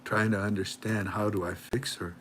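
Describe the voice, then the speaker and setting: Halting older man telling a story. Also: on the low side, fairly even intonation, a bit bright, a little hiss or hum. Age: 70s. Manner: halting, repeats words while searching for them. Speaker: channel host. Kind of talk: heartfelt storytelling with a religious close.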